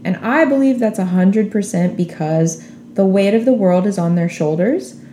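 A woman's voice: mid-range voice, dark tone. A woman hosting a podcast, talking earnestly and encouragingly in a prepared monologue. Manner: earnest, encouraging, faith-minded. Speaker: podcast host. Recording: roomy echo with faint background noise.

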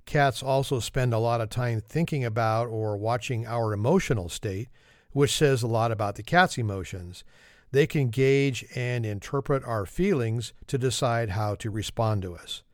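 A man's voice: medium pitch, moderate pace, no room sound, clean studio sound. A man hosting a podcast and delivering a humorous monologue in a wry, self-deprecating, conversational manner. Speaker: podcast host.

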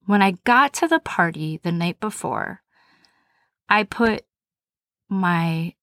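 A woman's voice: medium pitch, a bit bright, no echo, clean studio sound. A woman hosting a podcast, telling a personal story in a candid, conversational, self-deprecating way. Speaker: podcast host.

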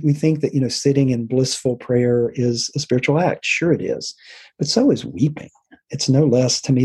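In a conversational interview, this middle-aged therapist talks reflectively and warm-heartedly, frequently restarting and asking "right?" His voice is medium-pitched and slightly rough.

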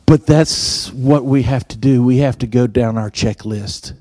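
Male preacher, storyteller, acts out dialogue, warm tone. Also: medium pitch, a little slow, dry recording. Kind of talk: sermon.

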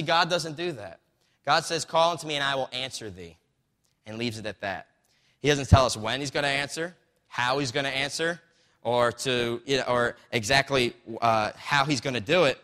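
A man preaching a casual, story-driven sermon, often checking in with the crowd through quick rhetorical asides. His voice is bright and forward. It rings out with a long reverb, as if in a large hall. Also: mid-range voice. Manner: conversational, storytelling with acted quotes, frequent "right?" asides.

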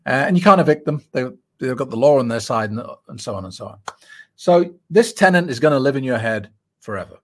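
A man's voice: medium pitch, lively intonation, a little fast. A middle-aged man coaching on quitting drinking, giving earnest, emphatic advice in reply to a listener's email. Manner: earnest, emphatic, conversational with repetitions.

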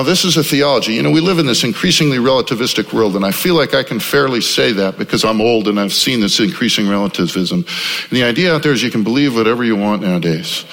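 Animated preacher man in a reverberant hall. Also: creaky. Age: 50s. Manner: animated preaching, swinging between loud exclamations and low quiet stretches. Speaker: pastor. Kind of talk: sermon.

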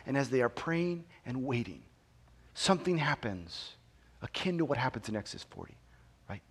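A pastor delivers a sermon in a husky, mid-range voice, very animated and at a moderate pace. He sinks to near-whispers, then rises to loud, forceful proclamation, repeating phrases and putting rhetorical questions to the congregation.

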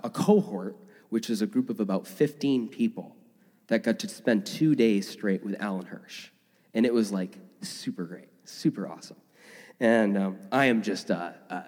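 A man preaching a sermon as a pastor, energetic and enthusiastic, with frequent fillers. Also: mid-range voice. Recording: long reverb of a large room.

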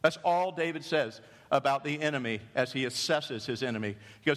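A man preaching a sermon as a pastor, animated and storytelling, dropping to hushed tones and rising again. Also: medium pitch, fairly quick. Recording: long hall reverb.

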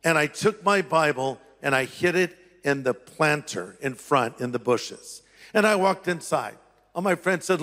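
Man, pastor, animated testimony, high voice, long hall reverb. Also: normal speed. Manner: animated, acts out voices in his story. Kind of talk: testimony sermon storytelling.

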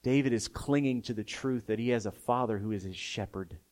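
A man's voice: on the low side, fairly quick. Impassioned preacher man with big dynamics. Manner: builds from soft, intimate tones to loud, impassioned emphasis; openly emotional and personal. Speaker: pastor. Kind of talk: sermon. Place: room with a live congregation.

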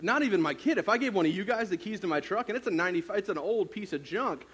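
Youth pastor, man, 30s, relaxed sermon storyteller, a bit high-pitched. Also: fast talker, husky. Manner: casual storytelling, many fillers.

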